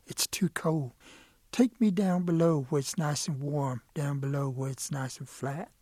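A man's voice: fairly high pitch, steady tone, measured pace, warm tone, dry recording, studio quality. A man voicing a sly male rattlesnake that pleads and coaxes in a storytelling. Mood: pleading. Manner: pleading, coaxing.

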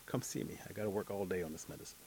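A man voicing a quiet, knowing male mole who brews medicine, speaking low and hushed. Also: rapid-fire, a little hiss or hum, natural voice. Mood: sly, hushed.

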